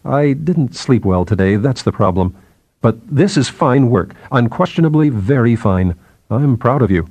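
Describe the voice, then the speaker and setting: A man's voice: lively intonation, normal speed, darkish tone, breathy edge, no room sound. A man voicing an anxious young male assistant professor who speaks in a strained, agitated way. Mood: distressed. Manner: agitated, strained, rising in pitch.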